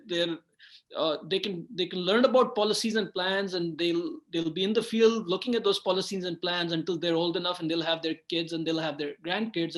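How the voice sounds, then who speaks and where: A man moderating a panel discussion, speaking haltingly with many stammered restarts. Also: high-pitched, a bit bright.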